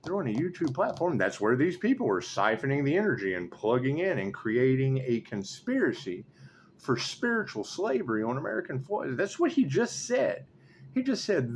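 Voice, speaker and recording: A man giving solo spiritual tarot commentary, excitable and repetitive, swinging from low mutters to loud exclamations and swearing casually. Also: normal speed, slight background noise. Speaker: tarot reader.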